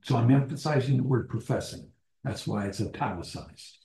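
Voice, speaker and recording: A man teaching a small-group Bible study, deliberate, restating phrases and posing questions to the group. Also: medium pitch, vocal fry, mellow. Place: church meeting room. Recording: roomy echo.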